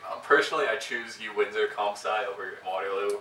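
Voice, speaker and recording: A man's voice: fairly low pitch, sing-song, a little fast, creaky, sharp tone. A young man co-hosting a casual podcast chat, joking in a dry, self-mocking way. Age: young adult. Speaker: podcast co-host. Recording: echoey room, distant mic, faint noise.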